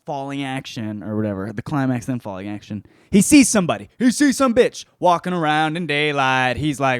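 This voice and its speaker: A man's voice: on the high side, dry recording. Male host, loose profane comic book-review delivery, dry close sound. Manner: profane, rambling.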